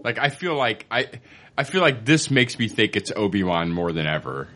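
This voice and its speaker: A man co-hosting a casual fan podcast, agreeable and quick to back up his partner. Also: fairly low pitch, very animated, fairly bright tone. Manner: agreeable, chiming in with quick backing. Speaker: podcast co-host.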